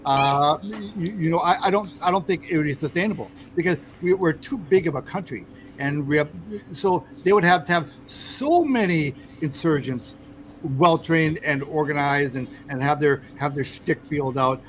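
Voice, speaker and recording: A fairly high-voiced American man hosts a casual political talk, stumbling through restarts and fillers as he argues his point. A faint hum of background noise sits under his voice. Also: moderate pace, poor audio. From United States. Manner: hesitant, many fillers and restarts, pushes back. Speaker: host.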